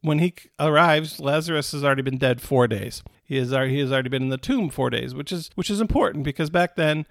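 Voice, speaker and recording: Male preacher with a gravelly voice and a dry, close sound, teaching scripture casually and acting out the quotes. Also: on the high side, fast, few pauses, no echo. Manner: retells scripture in plain words, with restarts and repetition; acts out quoted characters with a raised voice. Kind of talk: conversational Bible teaching.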